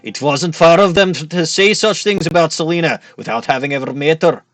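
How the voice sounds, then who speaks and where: A man's voice: a little high, fairly quick, fairly bright tone, no echo, soft background music, close to an everyday voice. A man doing a put-on Scottish accent, playing a hot-tempered, boozy Scotsman with tarot magic, rolling his words and dropping in "laddie" and "aye". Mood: indignant. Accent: put-on Scottish accent, admittedly poor. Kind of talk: let's-play character voice.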